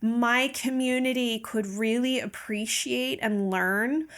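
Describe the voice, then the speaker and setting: Chatty podcast host lady, higher voice, eager, lots of likes. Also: steady tone, slow, fairly bright tone. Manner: eager, chatty, many fillers. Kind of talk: casual interview chat.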